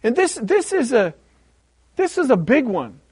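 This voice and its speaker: Preaching in an unhurried, slightly rough high voice, a male pastor animatedly retells a story, returning to key words again and again to press his points. The recording is close and dry, with no surrounding room sound.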